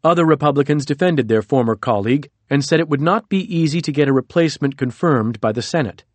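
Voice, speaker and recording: A man giving a measured, scripted audiobook narration into a close studio mic. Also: fairly high pitch, no room sound.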